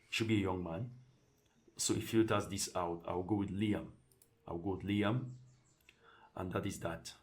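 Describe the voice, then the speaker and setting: A man casually walking through a software tutorial, thinking aloud and restarting phrases as he clicks through settings. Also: deep voice. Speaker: tutorial presenter. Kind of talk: casual screen-share tutorial.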